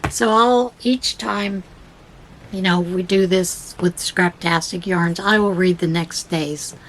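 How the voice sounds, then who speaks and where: A woman hosts a crafting podcast, chatting casually through a rambling story full of fillers and reading devotional passages aloud. She speaks slowly in a lowish voice with fairly even intonation, and the poor audio carries a little hiss or hum.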